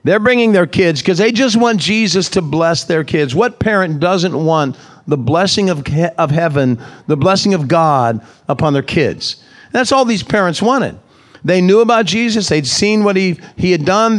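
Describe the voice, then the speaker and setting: A man's voice: sits high, animated, normal speed. A man preaching a sermon in a conversational way, asking his congregation questions as he reads and explains the passage. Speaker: pastor. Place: church service.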